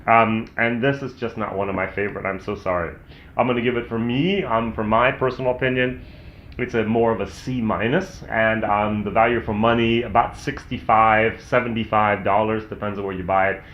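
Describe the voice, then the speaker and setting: A man's voice: fairly low pitch, steady tone, moderate pace, slight background noise. American man, whisky review host, chatty and candid, roomy room sound. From United States. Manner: chatty and candid, thinking aloud. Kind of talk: casual tasting review. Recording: roomy, slightly dull sound.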